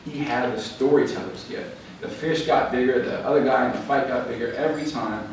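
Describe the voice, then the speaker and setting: In a library event hall, a man gives a chatty, story-filled lecture to a live audience, stumbling into fillers and restarts. His voice is medium-pitched and a little fast, recorded from afar in an echoey space with faint noise.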